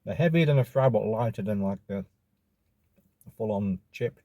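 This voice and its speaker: A man's voice: fairly low pitch, animated, normal speed, warm tone, dry recording. A man with an Australian accent, casually rambling and swearing as he reviews takeaway food in a vlog.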